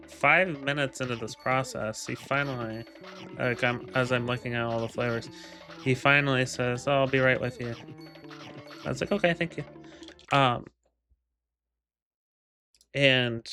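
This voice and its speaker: A man's voice: medium pitch, sharp tone. A man casually telling a rambling, profane story, full of ums, laughs and quoted lines. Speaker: gaming video creator. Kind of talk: casual storytelling over gameplay.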